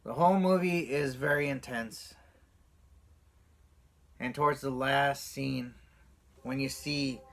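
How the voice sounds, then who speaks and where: A man vlogging casually to camera, recounting a childhood movie memory and acting out quotes with big jumps in his voice. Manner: animated, acts out quotes with big pitch jumps.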